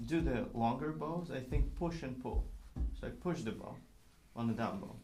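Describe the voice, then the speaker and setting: A man's voice: mid-range voice, animated, normal speed, dark tone. Male violin teacher, patient and hands-on, vocalizes bow rhythms; echoey room, slight noise. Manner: patient, sings bowing rhythms aloud. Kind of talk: one-on-one music lesson.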